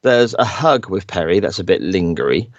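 A man co-hosting a podcast, chatting casually and acting out quotes in exaggerated high voices. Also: lively intonation, normal speed, dry recording, dull audio. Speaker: podcast co-host. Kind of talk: casual chat.

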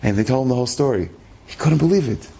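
Animated male storyteller. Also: mid-range voice, creaky. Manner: animated, dramatic pauses, shifting pace. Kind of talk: inspirational storytelling.

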